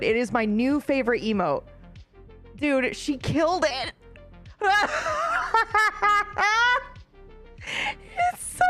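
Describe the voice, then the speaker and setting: A woman streamer chatting casually with her live chat, bubbly and giggly, with frequent laughs and asides. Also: a little high.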